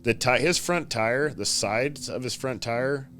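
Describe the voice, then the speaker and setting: A man who builds custom motorcycles, telling shop stories in casual podcast talk, profane and animated, acting out his customers. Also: mid-range voice, a little slow.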